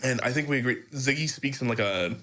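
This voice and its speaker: A man running a tabletop game as game master, laughing often and talking in a lively way. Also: mid-range voice, fast, faint music behind.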